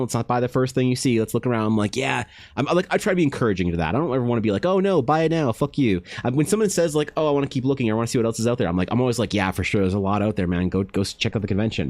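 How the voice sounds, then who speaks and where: A young man casually telling a story to his stream chat, animated and prone to exasperated outbursts. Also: no echo. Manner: animated, trails into high exasperated rants.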